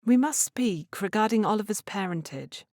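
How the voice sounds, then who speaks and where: A woman voicing an earnest, gentle young lady in a Regency audiobook, speaking in a pleading way. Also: medium pitch, animated, normal speed, no room sound, clean studio sound, pitched above the performer's own voice, lightly acted. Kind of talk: audiobook character reading.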